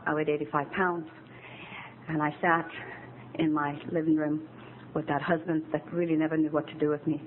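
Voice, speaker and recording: Low-voiced woman telling her story, tinny recording. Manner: candid, emotional storytelling. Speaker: AA speaker. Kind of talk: personal recovery talk at a meeting. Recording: tinny phone-like old tape with faint hiss.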